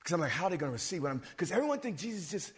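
A man preaching a sermon, animated, swinging between loud bursts and low asides. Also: very fast, husky. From suburbs. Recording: long reverb of a hall.

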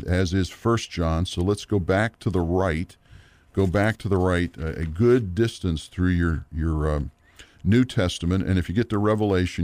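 A middle-aged man teaching a Bible lesson from a worksheet, earnest and measured, often pausing on fillers and restarts. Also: low-pitched, a little mellow, dry recording. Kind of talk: teaching sermon.

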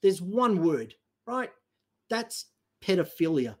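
A man's voice: sing-song, slow pace, a little mellow. An Australian man rants through a political podcast, blunt and full of swearing. His voice lurches upward whenever he hits a point hard, then drops back to a grumble. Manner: blunt, profane, ranting with sudden high emphatic jumps. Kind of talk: heated political chat.

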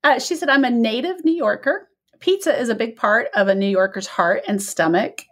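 A woman's voice: on the high side, fairly quick. A woman co-hosting a podcast who lives in the American South, reading listener letters aloud and laughing along in casual chat. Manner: reads letters aloud, warm banter, laughs often. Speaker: podcast co-host.

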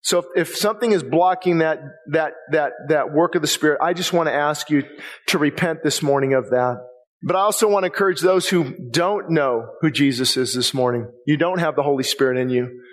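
A man's voice: on the high side, a little fast. A man preaching a sermon as a pastor, impassioned and conversational, often repeating himself as he presses a point. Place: church sanctuary. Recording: long reverb of a church hall.

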